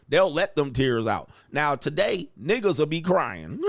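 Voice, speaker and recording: A man hosting a commentary show, ranting bluntly and mockingly, with profanity and quick mimicked voices. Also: a little high, sing-song, gravelly, dry recording, clean studio sound. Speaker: host. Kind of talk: casual commentary rant.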